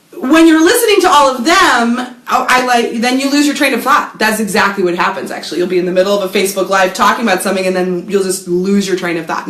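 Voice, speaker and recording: A woman with a high, lively voice talks to camera as host. She is sardonic and animated, slips into mock voices and swears casually. Her voice rings in a roomy, echoey space. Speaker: host giving marketing advice.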